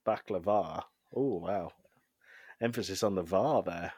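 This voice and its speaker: A man co-hosting a podcast, casually recapping a TV episode with frequent ums and quick laughs. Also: sits low, no echo. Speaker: podcast co-host.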